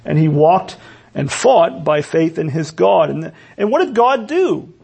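Guy preaching a sermon, husky voice, kind of high, asks questions and restarts a lot. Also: expressive, unhurried, darkish tone. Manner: repeats words and restarts, asks the congregation rhetorical questions.

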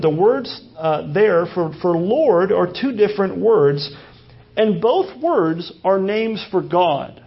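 A man's voice: high voice, lively intonation, slow, gravelly. A man preaching a sermon as pastor, teaching through a passage, repeating phrases and asking rhetorical questions. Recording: dull lo-fi sermon recording.

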